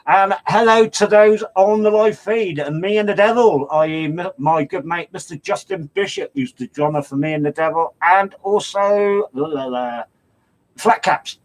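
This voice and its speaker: An older man presenting a radio show, chatting casually and rambling as he reads out track details and shout-outs. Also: high-pitched, normal speed, rough recording.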